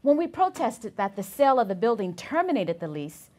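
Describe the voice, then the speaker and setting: A woman's voice: a little high, sing-song, brisk, dark tone. A woman reading a memoir excerpt aloud in a lecture, telling the story expressively.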